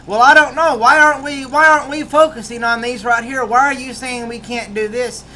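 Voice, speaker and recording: A man's voice: very high-pitched, steady tone, fairly quick, sharp tone, slight background noise, pitched above the performer's own voice, exaggerated voice, low-quality recording. A man voicing a defiant male rebel sorcerer who whines indignant questions at his order. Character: defiant male dark-side rebel wizard.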